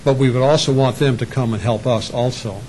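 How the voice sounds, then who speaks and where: A man's voice: mid-range voice, fairly even intonation, brisk, darkish tone, a little hiss or hum, poor audio. A man preaching a sermon in a conversational way, sometimes acting out little voices for the people in his stories. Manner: conversational preaching with acted asides. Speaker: pastor.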